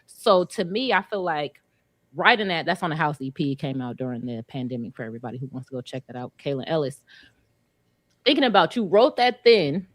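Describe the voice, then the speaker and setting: A woman talks on a podcast panel in a fairly low voice, thoughtful and reflective, with easy casual slang. The sound is dry and close, with no room in it. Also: sing-song, a little fast, dry recording.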